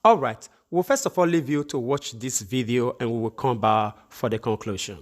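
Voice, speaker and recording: A Nigerian man hosts an online news update in a mid-pitched voice. He talks like a preacher, rallying viewers and sending them off with blessings. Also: moderate pace. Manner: preacherly, ends segments with blessings. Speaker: channel host.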